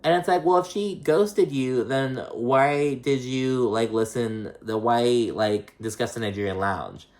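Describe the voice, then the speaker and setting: In a loose, chatty recap of a reality show, a man swears freely and peppers his talk with "like" and "um," sometimes acting out quoted lines in different voices. His mid-range voice is a little mellow and unhurried, with hardly any pauses.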